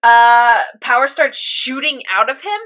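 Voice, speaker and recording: A woman's voice: on the high side, takes it slowly. A young woman in casual chat, animatedly recapping an anime episode and acting out her own reactions. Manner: animated storytelling, acts out reactions. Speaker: podcast co-host recapping an anime.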